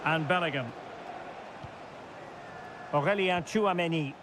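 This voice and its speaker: A man with a high voice calls a football video game match in clipped play-by-play lines. His calls climb sharply whenever a chance or goal comes. Loud stadium noise rumbles under every line. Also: slow pace. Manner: crisp play-by-play calling player names, rising sharply on chances and goals. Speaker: football commentator.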